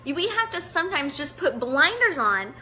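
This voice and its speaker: Soft music plays as this online show host, a middle-aged woman, runs her live devotional chat at normal speed in a high, very animated voice. Teary-eyed yet warmly encouraging, she chats, reads out comments from viewers, and welcomes them by name.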